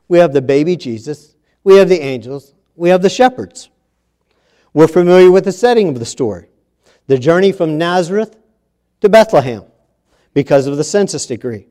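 Man, preacher, sermon, slightly high voice, emphatic repeats, church. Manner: emphatic repetition, swinging from hushed to loud.

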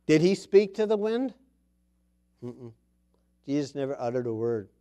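A middle-aged man preaching a sermon, with sudden loud bursts, soft drops, and scripture read slowly aloud. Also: medium pitch, very animated.

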